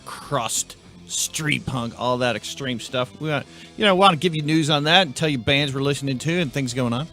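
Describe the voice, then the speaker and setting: A man's voice: mid-range voice, normal speed, pushed and bright, soft background music. A man hosting a casual chat show, rambling and tripping over band names. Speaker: host.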